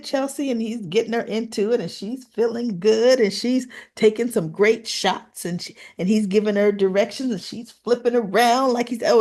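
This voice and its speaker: A chatty woman talking through a soap opera episode in a loose, casual recap. She keeps tossing in little tag questions and slips into the characters' voices to act out their lines. Her voice sits at an ordinary middle pitch. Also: darkish tone. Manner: retells scenes by acting out quoted lines.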